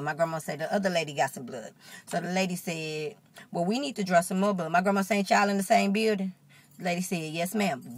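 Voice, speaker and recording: A woman's voice: on the low side, no room sound. A woman vlogger telling a story casually to the camera, swearing freely and acting out the people she quotes. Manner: animated, profane, acts out quotes.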